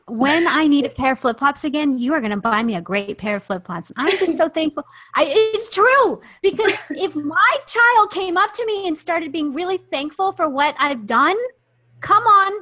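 A woman hosting a faith-based podcast, telling stories in an impassioned, animated way. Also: sits high, a little slow, dry recording. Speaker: podcast host.

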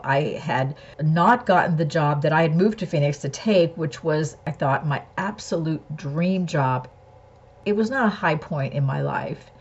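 A woman with a low, breathy voice talks candidly and earnestly, telling a personal story and turning it into a spiritual lesson. Her recording sounds slightly dull and lo-fi.

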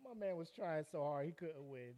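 A man co-hosting a podcast, chatting casually about video clips, telling stories with animated energy and laughing constantly. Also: fairly high pitch, normal speed, very noisy. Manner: laughs constantly, animated storytelling, acts out quotes. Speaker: podcast co-host.

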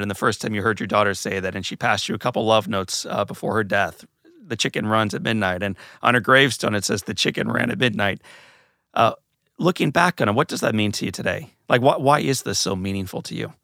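A man's voice: lowish voice, fast talker, creaky, sharp tone, no room sound, clean studio sound. A male podcast host asking a guest questions, sometimes joking. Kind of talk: interview questions.

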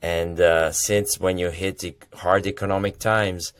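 Very deep-voiced jovial man. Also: steady tone, no room sound. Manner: jovial, halting with fillers. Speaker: spirits industry guest. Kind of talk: casual interview talk.

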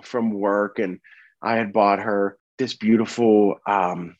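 A man in his thirties telling a personal story with earnest, halting speech full of restarts and fillers. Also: on the low side, fairly even intonation, dry recording, dull audio. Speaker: interview guest sharing a personal story.

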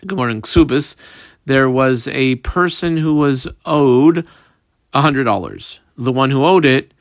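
A man's voice: mid-range voice, unhurried, no echo, clean studio sound. A man teaching a text study class, reading each term aloud and then explaining it in plain words, step by step. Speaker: Talmud teacher.

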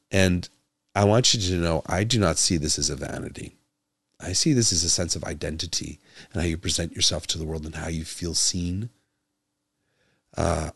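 A man hosting a medical podcast alone, talking with passion, stumbling over repeated words and firing rhetorical questions. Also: dry recording. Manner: grows louder and higher when exasperated. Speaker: podcast host, doctor. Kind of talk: solo podcast monologue.

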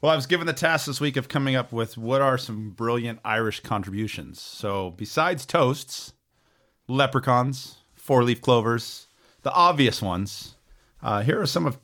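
A man's voice: medium pitch, lively intonation, moderate pace, a bit bright. A man co-hosting a podcast, reading through a list of facts in a casual, joking way. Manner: reads a list with jokes and stumbles. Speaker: podcast co-host, researcher.

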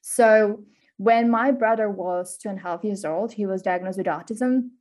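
A young woman from Slovakia talks in a relaxed interview, and her Slovak accent carries light British touches. She laughs easily and leans on fillers. Her voice sits in a middle range. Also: medium pitch, normal speed. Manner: warm, giggly, with many fillers. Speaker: podcast guest. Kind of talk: casual interview chat.

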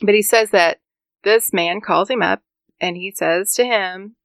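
A woman co-hosting a casual true-crime podcast chat, telling the case with lively asides and frequent laughs. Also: mid-range voice, measured pace, gravelly, clean tone, no room sound. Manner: animated storyteller, acts out quotes, laughs often. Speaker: podcast co-host.

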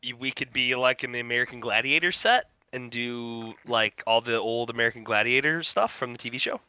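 A man's voice: medium pitch, brisk, sharp tone, smooth, dry recording. A man from New Zealand in playful, laughing podcast banter. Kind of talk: casual chat.

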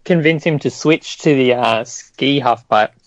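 A man co-hosting a casual podcast, making wry, deadpan jokes. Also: mid-range voice, a little slow, no room sound, dull audio. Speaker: podcast co-host. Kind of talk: casual chat.

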